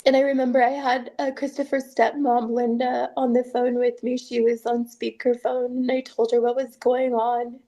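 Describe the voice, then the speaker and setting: A woman recounting painful family events as an interviewee in a documentary, speaking earnestly with halting restarts. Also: fairly high pitch, little pitch movement, dark tone. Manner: earnest, halting first-person retelling with restarts. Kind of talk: documentary testimony.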